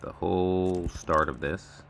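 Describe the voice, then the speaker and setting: A man speaks low and slow with fairly even intonation, vocal fry, and a slightly bright tone, against a little hiss or hum. He's a video blogger rambling casually over a screen share, muttering, teasing himself, and narrating each scroll and click.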